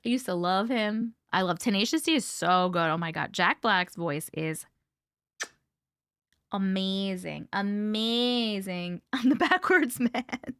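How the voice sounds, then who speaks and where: A woman's voice: medium pitch, lively intonation, normal speed, hardly any pauses, a bit bright, dry recording, studio quality. A woman hosting a casual live chat with viewers, playful, often laughing and coughing between remarks. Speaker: livestream host.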